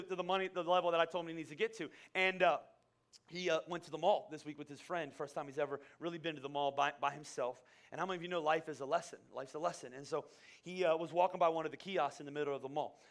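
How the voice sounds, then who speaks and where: A man's voice: a little high, a bit bright. A middle-aged man preaching a sermon to a congregation, talking conversationally and rising to fervent emphasis. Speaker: pastor.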